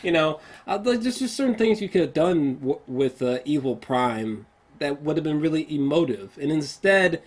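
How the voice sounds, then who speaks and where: A man's voice: on the high side, lively intonation, moderate pace. A man giving a casual spoken film review, ranting in exasperation, swearing often and stumbling through many fillers. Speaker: movie reviewer.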